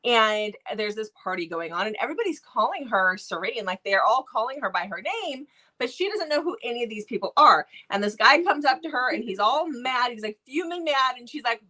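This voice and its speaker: A woman's voice: a little high, a little fast. A woman co-hosting a book review channel, chatting casually and gushing with lots of restarts as she retells a story. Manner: gushing, self-interrupting, animated storytelling.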